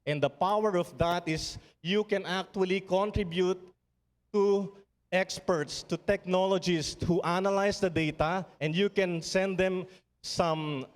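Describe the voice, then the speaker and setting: A middle-aged Filipino man gives a conference keynote as a summit speaker, his voice slightly high and accented. Earnest and rousing, his speech leans on repeated refrains, echoing with long reverb through a large hall.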